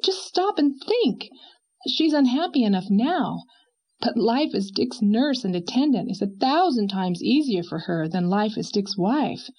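A woman's voice: on the high side, very animated, a little slow, a little mellow, voice pushed up, full character voice, poor audio. A woman voicing a vehement young wife. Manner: vehement, pleading. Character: spirited young wife, passionate and protective.

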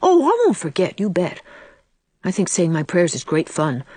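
A woman's voice: fairly low pitch, wildly swooping pitch, moderate pace, a little mellow, husky, dry recording, full character voice. A woman reading aloud, voicing a sulky, defiant eight-year-old farm boy who talks bluntly. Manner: whiny, blunt country talk.

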